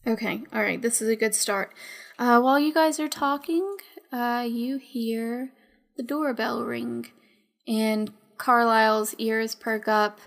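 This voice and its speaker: A woman narrating a tabletop game as game master, in unhurried, descriptive narration. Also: on the high side, vocal fry.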